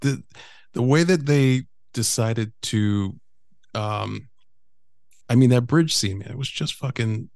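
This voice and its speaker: A man's voice: mid-range voice, slow, gravelly, pauses often, darkish tone, dry recording. A man co-hosting a podcast, chatting casually and enthusiastically about a film and swearing freely. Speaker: podcast co-host. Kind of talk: casual movie review chat.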